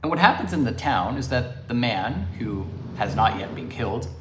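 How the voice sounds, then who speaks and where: A man's voice: medium pitch, big pitch swings, moderate pace, roomy sound, music in the background. A man giving an improvised livestream lecture on philosophy, explaining expressively with asides, from a makeshift home studio. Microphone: device camera propped on DVDs.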